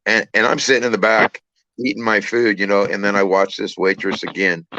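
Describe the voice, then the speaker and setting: A man telling a personal story in a casual, halting way, repeating words and using many fillers. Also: on the low side, level tone, bright, forceful tone, no room sound, muffled recording. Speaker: trucker channel host.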